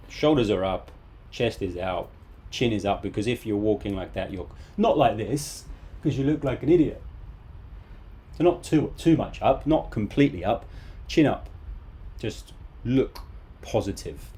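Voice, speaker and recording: A man's voice: fairly low pitch, expressive, moderate pace, dark tone, breathy edge. A man in his thirties teaching a live online English lesson from home, casual and chatty with joking asides.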